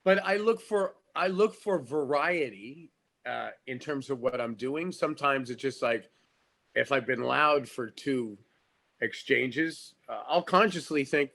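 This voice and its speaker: A man's voice: mid-range voice, gravelly, a bit bright. A middle-aged man from Canada talks through his career as a podcast guest. He speaks frankly and casually, stumbling and restarting his sentences as he thinks aloud. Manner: frank, stammering restarts, drawn-out asides. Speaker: guest actor.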